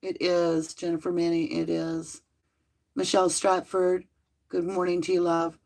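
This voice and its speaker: A woman's voice: fairly low pitch, monotone, unhurried, vocal fry, darkish tone. A woman hosting a livestream, reading a court ruling aloud from a room at home and breaking off to talk to her viewers by name. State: out of breath.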